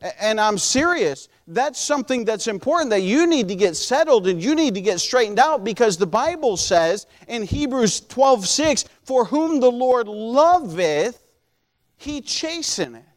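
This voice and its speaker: A man with a notably high-pitched voice delivers a sermon as a pastor. He speaks earnestly and conversationally, with frequent restarts, then slows and lifts his voice for each scripture quotation. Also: big pitch swings.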